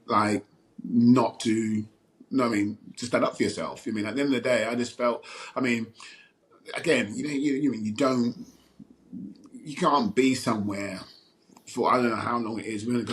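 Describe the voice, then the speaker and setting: A middle-aged man, a former footballer telling a long story as a podcast guest, rambling with many fillers and restarts. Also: medium pitch. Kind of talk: casual storytelling interview.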